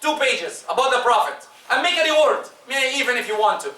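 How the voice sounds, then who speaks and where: A man preaching a Friday sermon, emphatic, with his voice swinging between loud rises and soft drops. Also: very high-pitched, expressive, fairly quick. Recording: echoey room, distant mic.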